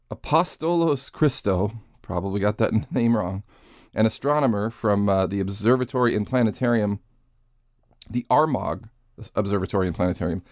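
A man's voice: on the low side, darkish tone, no room sound, studio quality. A man hosting a podcast in casual commentary style. He sounds sarcastic and incredulous, and he swears freely. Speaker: podcast host.

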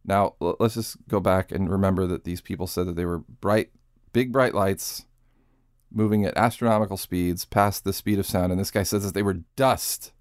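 A man's voice: low-pitched, steady tone, normal speed, no room sound, clean studio sound. A man hosting a podcast in casual commentary style. He sounds sarcastic and incredulous, and he swears freely. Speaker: podcast host.

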